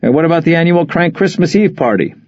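A man's voice: on the high side, lively intonation, quick pace, a little mellow, no echo, pitched above the performer's own voice, lightly acted. A man doing a nosy, prying neighbor. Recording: dull lo-fi dry recording.

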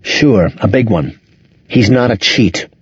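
Storybook woman, voiced by a male narrator, earnest and elegant, slow, dry and slightly muffled. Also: lowish voice, expressive, husky, dry recording, exaggerated voice. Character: elegant, astute married woman.

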